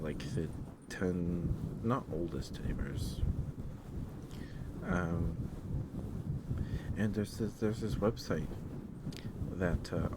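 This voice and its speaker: A man rambling in a soft, hesitant ASMR stream, with many pauses and fillers. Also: low-pitched, very noisy.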